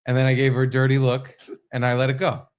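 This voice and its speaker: A man co-hosting a casual podcast, telling a story with lots of swearing. His pitch swings widely, jumping up high whenever he acts out what someone said. His voice sits in a middle register. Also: monotone, fast, clean tone. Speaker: podcast co-host. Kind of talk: casual chat.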